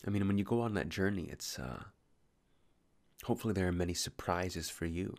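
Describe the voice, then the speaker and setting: Late at night, a weary man muses aloud on philosophy, his deep, gravelly voice slightly slurred. He wanders through his thoughts with pauses and frequent self-corrections.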